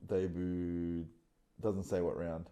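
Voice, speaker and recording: A young Australian man in his twenties, telling a story in loose, casual podcast chat, swearing freely and pausing on many ums. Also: sits low, little pitch movement, dark tone, clean tone. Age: 20s. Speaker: podcast guest, rugby league player.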